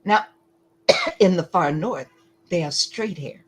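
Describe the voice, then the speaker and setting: A woman giving lecture-style commentary, deliberate and emphatic, often pausing to ask rhetorical questions. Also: lowish voice, huge pitch swings, husky, rough recording.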